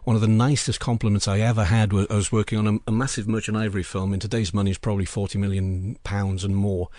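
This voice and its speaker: Low male voice, anecdotal guest, emphatic storyteller, dry close mic. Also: little pitch movement, quick pace, darkish tone, no echo. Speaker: guest, film assistant director and lecturer. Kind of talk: anecdotal interview talk.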